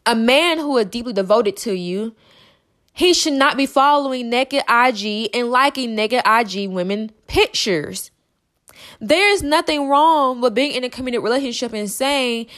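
A young woman hosting a podcast, talking fast and emphatically in a monologue, repeating herself and stumbling over words. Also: fairly high pitch, lively intonation, fairly bright tone. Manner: emphatic and repetitive, fast with stutters. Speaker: podcast host.

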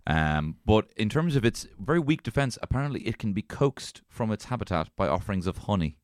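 A man with a Dublin Irish accent trades wry, teasing quips as a podcast co-host. His low voice moves through a lively, animated range. The recording is dry and close. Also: brisk, dry recording. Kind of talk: casual chat.

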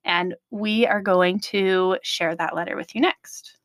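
A woman's voice: fairly low pitch, steady tone, measured pace, dry recording. A woman co-hosting a true crime podcast, explaining the case in a casual, chatty way. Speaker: podcast co-host.

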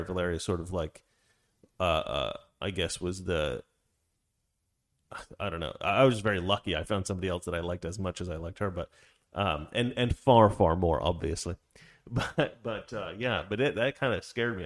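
A man co-hosting a casual livestream chat, rambling with many fillers and restarts. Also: low voice. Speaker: livestream co-host.

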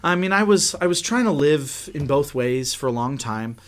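A man talking in a casual podcast chat, with a voice that sits a little high for a man. He tells his story earnestly and acts out the people in it as he goes. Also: lively intonation, normal speed. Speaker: podcast guest.

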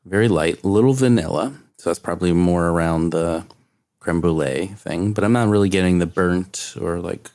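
A man's voice: deep voice, moderate pace, darkish tone, no room sound, clean studio sound. A man co-hosting a podcast, chatting casually and joking while tasting whiskey. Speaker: podcast co-host.

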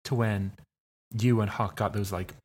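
A man's voice: fairly low pitch, fairly even intonation, unhurried, darkish tone. A man chatting casually as a player in a tabletop role-playing game, rambling with many fillers and restarts.

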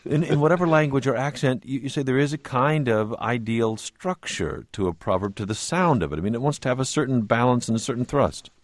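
A man's voice: medium pitch, lively intonation, a little fast, hardly any pauses, dry recording. A man interviewing an author on the radio, with a wry, joking manner.

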